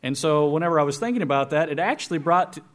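A man in his forties preaching to a congregation, telling a folksy, self-deprecating story with animated delivery. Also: a little high, fast talker. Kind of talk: storytelling sermon. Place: church hall with congregation.

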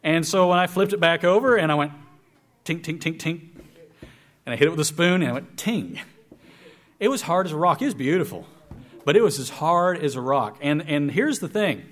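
A man's voice: on the high side, fast talker. Folksy male preacher telling a story. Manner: folksy, self-deprecating, animated storyteller. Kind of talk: storytelling sermon. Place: church hall with congregation.

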